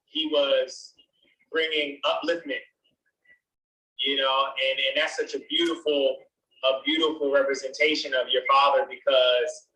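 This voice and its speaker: A man's voice: a little high, bright, forceful tone. A man hosting a video call, speaking in an affirming, reflective way as he responds to his guest. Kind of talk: conversation. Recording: roomy and distant from the mic.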